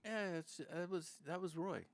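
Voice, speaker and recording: A man's voice: high-pitched, measured pace. An older man telling rambling stories as a podcast guest, full of restarts and asides. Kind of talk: casual storytelling.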